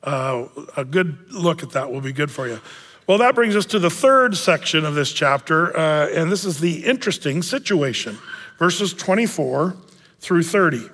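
Man, pastor, conversational sermon, fillers and restarts, somewhat high voice, long hall echo. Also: very animated, moderate pace, a bit bright. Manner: conversational preaching with frequent fillers.

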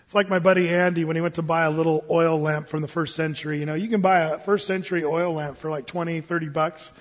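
A man preaches in a casual, storytelling way, stumbling over restarts and asides as he goes. His voice is high for a man and a bit husky. It carries through a long reverb in a church hall, and the recording is dull and lo-fi. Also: fairly even intonation, quick pace. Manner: conversational, frequent restarts and asides. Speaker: pastor. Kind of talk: sermon storytelling.

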